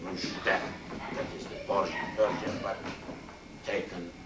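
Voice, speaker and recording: An older man teaching a Quran and Arabic class, speaking slowly and repeating Arabic word forms as he explains them. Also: low voice, flat delivery, heavy background noise. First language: Turkish. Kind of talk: classroom tafsir lecture. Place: mosque classroom. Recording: roomy, distant amateur video recording.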